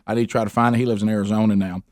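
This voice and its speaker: A man's voice: fairly low pitch, level tone, racing, darkish tone, no room sound, clean studio sound. A man, hosting a radio show and telling rambling, chuckling anecdotes in casual chat.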